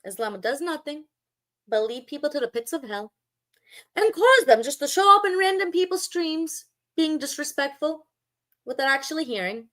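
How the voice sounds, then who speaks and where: Bright, high-voiced sarcastic woman streamer. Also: animated, normal speed. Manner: sarcastic and mocking; scolding, lecturing. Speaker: live streamer. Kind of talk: live-stream commentary.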